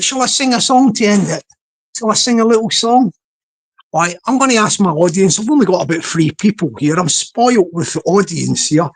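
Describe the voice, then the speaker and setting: A live-stream host, chatting casually to a small online audience in a rambling way, often restarting sentences. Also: mid-range voice.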